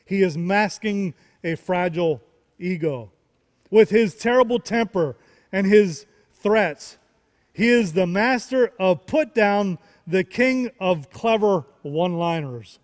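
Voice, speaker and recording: A man's voice: high-pitched, lively intonation, takes it slowly, long reverb tail. A man preaching a sermon, repeating key phrases and rising into emphatic questions. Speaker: pastor.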